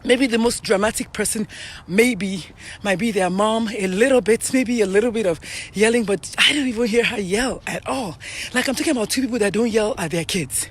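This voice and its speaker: A woman's voice: mid-range voice, fairly quick, breathy edge. A middle-aged Nigerian woman hosting a casual live stream, talking earnestly and chattily to viewers while out of breath from walking uphill outdoors.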